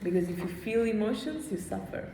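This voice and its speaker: A woman yoga teacher leading a small class, animated, often checking in with a quick "hmm?". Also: mid-range voice, a little hiss or hum. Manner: animated, checks in with "hmm?", acts out inner voices. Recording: echoey hall with faint ambience.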